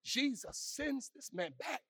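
A man's voice: very high voice, lively intonation, takes it slowly, a bit bright, no room sound. A man preaching a sermon who has listeners call words back to him.

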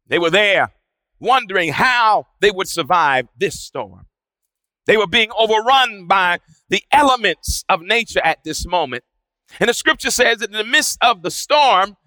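A man preaching a sermon with dramatic swings between shouting and hushed, quiet passages. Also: high-pitched, no room sound, poor audio.

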